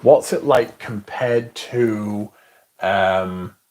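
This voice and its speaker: A man's voice: on the low side, very slow, darkish tone. A man hosting a casual livestream, sweary and sardonic, reading chat aloud as he talks. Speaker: livestream host.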